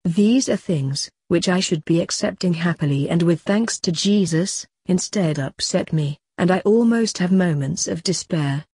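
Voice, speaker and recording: A woman reading a diary aloud as an audiobook, in an earnest, measured way. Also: fairly low pitch, a little mellow, breathy edge, no echo, clean studio sound. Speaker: audiobook narrator. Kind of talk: scripted narration of a diary.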